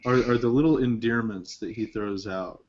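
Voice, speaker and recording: A man's voice: fairly low pitch, normal speed, a little mellow, a little hiss or hum. A man hosting a casual film discussion, rambling with lots of fillers and restarts. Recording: dull lo-fi recording.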